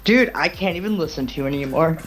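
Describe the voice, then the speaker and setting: A woman's voice: low-pitched, expressive, fast talker. A woman co-hosting a casual group chat, teasing the others and laughing often.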